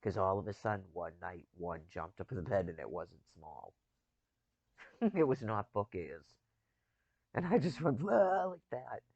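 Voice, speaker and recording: A man's voice: low voice, animated, unhurried, long pauses, a little mellow, slightly rough, dry recording, muffled recording. A man in casual chat, rambling and chuckling as he talks, with loose, profane phrasing.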